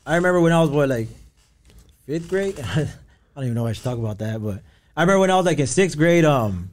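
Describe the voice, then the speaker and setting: Speaking quickly and expressively at a fairly high pitch, a thirtysomething man with a Southern California accent shares stories as a podcast guest. His manner is relaxed, full of laughter and frequent "you know what I mean"s.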